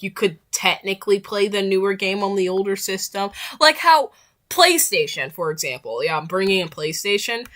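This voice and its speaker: A woman reacting to a game trailer in casual, slangy commentary, excitable and quick to laugh and shout out. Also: mid-range voice.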